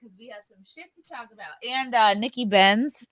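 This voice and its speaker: A woman hosting a casual comedy talk show, trading quick teasing banter with her co-host. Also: on the high side, fairly bright tone.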